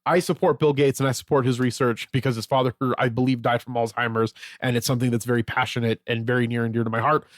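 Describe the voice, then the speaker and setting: Rambling podcast host, dry close sound. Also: male voice, mid-range voice, flat delivery, quick pace, hardly any pauses, no echo. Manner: rambling, filler-heavy, self-correcting. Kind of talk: casual solo podcast talk.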